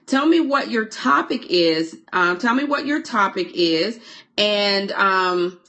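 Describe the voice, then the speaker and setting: A woman's voice: mid-range voice, lively intonation, slow, bright, forceful tone. A woman coaching on a live stream, chatty, stopping mid-sentence to greet and thank viewers, often repeating her words. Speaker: online course coach. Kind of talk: live-streamed teaching while reading viewer comments.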